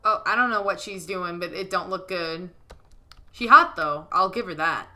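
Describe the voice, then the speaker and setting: A woman playing a video game and commenting casually, playful and joking, with soft game music underneath. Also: lowish voice, normal speed. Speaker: gaming video creator.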